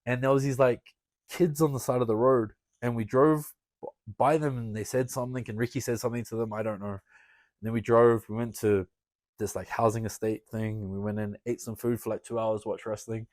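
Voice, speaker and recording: A wrestler guest on a podcast, telling a story casually, swearing often and laughing between lines. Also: male voice, medium pitch, fairly even intonation, fairly quick, darkish tone, no room sound. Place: podcast studio.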